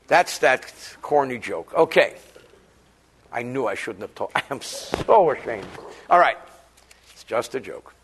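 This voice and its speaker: A man's voice: medium pitch, animated, a little slow, pauses often, fairly bright tone, slight background noise. A man, a rabbi, giving a chatty daily lesson on Jewish law, cracking jokes and explaining Hebrew passages. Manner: joking, chatty, mixing Hebrew terms into explanations.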